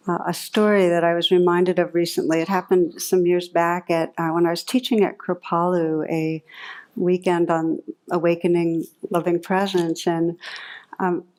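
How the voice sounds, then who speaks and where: Woman meditation teacher telling a story. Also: fairly low pitch. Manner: warm storytelling, lively when recounting anecdotes. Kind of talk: dharma talk to a live audience.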